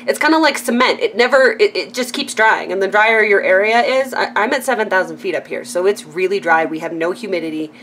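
A woman's voice: mid-range voice, fairly quick, hardly any pauses, a bit bright, a little hiss or hum. A woman from California chatting casually through a craft supply haul, rambling with frequent ums and self-corrections and laughing at her own asides. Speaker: craft vlogger.

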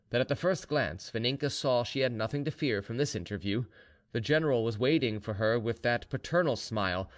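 A man reading an audiobook as narrator, expressive and giving each character a voice of his own. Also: medium pitch.

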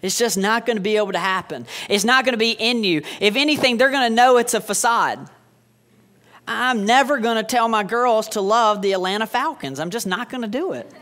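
A man's voice: high voice, brisk, sharp tone. Male pastor, sermon, wry sarcastic asides, 30s. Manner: joking asides, sarcastic humor.

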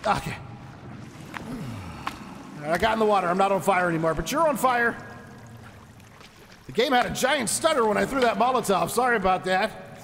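High-voiced man narrating his gameplay. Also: expressive, moderate pace, long pauses, fairly bright tone, in a large hall, slight background noise. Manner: chatty, jokey, talks to enemies. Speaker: gameplay commentator. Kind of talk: let's play commentary.

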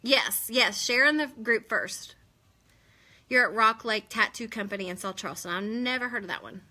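On her live stream, this beauty vlogger has a fairly high, sharp voice and keeps a moderate pace. She rambles casually and answers comments from viewers.

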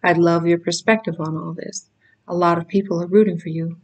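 A woman reading aloud voices a pushy female TV news reporter in a slightly raised, quick, eager tone. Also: fairly low pitch, little pitch movement.

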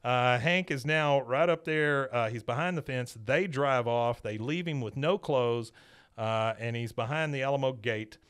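A man hosting a podcast, giving a casual, animated scene-by-scene recap of an episode. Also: mid-range voice, measured pace, smooth. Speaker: podcast host.

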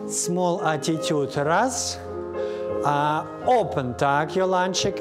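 During a live class in a studio, a Russian-accented ballet teacher, Russian by native language, counts the beats and corrects students by name. The mid-range voice takes its time, set against piano accompaniment.

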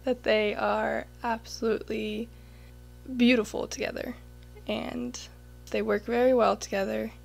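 Brief: female guest, higher pitch, gravelly fry, flat delivery. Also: a little slow. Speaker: wedding guest. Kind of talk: casual on-camera wedding message.

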